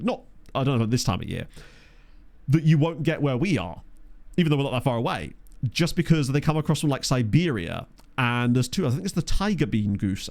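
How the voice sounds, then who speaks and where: A man from Essex with a soft home counties accent and a slight Essex twang, chatting casually and rambling jokily to viewers during a game stream. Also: mid-range voice. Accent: soft Essex home counties English. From Essex, England. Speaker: streamer playing a management game. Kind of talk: casual live-stream chat.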